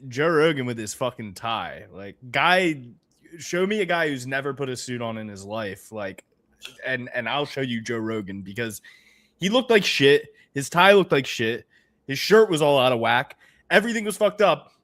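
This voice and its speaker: Male Philadelphian co-host, animated swearing rants, swinging intonation. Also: medium pitch, moderate pace. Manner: animated ranting, swears, laughs often. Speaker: podcast co-host. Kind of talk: casual sports betting podcast chat.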